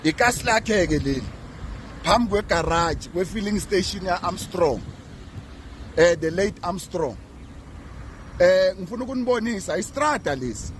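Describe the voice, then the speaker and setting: Fed-up man by a roadside, higher voice, light street noise. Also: expressive, normal speed, long pauses. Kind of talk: on-the-spot street video. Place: outdoors by a road.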